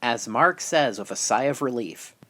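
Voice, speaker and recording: A man narrating a storybook in a plain, low-key reading. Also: lively intonation, moderate pace, fairly bright tone.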